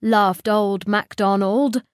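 A woman with a British accent narrating a children's storybook in a clear, expressive read-aloud manner. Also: mid-range voice, takes it slowly, no room sound, studio quality.

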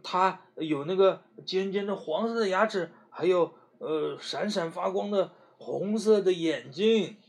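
A man reading a bedtime story to a child, slow and gentle with lots of hesitant fillers. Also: sits high, gravelly.

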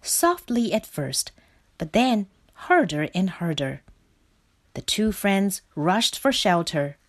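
A woman reading a children's picture book aloud in a slow, clear and expressive way. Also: mid-range voice. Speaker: storybook reader.

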